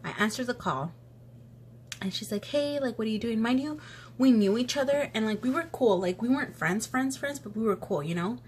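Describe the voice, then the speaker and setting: A woman's voice: on the high side, normal speed, a little hiss or hum. Chatty young woman with allergy sniffles. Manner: chatty, animated retelling with quoted voices. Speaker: vlogger. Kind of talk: casual story time chat.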